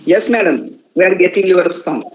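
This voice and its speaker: High-voiced male moderator. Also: lively intonation, moderate pace, a little mellow, muffled recording. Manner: formal, brief introductions. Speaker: event moderator introducing the speaker. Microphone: video call.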